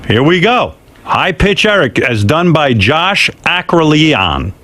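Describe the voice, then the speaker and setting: A man's voice: fairly high pitch, big pitch swings, slow, sharp tone. A man hosting a radio talk show, bantering and announcing contest entries with upbeat energy.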